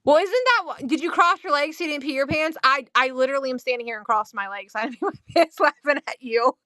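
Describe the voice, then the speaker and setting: A woman hosting a casual live-selling stream, chatty and quick to laugh while she talks about items. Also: sits high, bright, forceful tone, no room sound. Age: adult, mother of a teen. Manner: giggly, chatty, laughs often.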